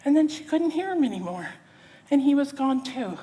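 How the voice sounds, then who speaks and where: A woman preaching in a church with a fairly high, very lively voice that swoops up and down. She acts out her story theatrically and asks the congregation questions directly. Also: moderate pace. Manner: animated, theatrical, engaging the audience. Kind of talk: sermon with acted-out storytelling.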